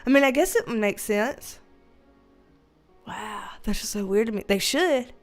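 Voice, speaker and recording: At home on a casual livestream, a woman host chats and reads viewer comments, laughing often and staying playful and animated. Her voice is medium-pitched and a little slow, with soft music in the background.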